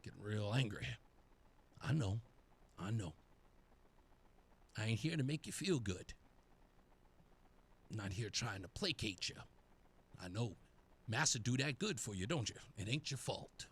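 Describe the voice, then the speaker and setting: A man's voice: fairly low pitch, lively intonation, measured pace, pauses often, breathy edge. A male talk radio host delivering a taunting, sarcastic monologue.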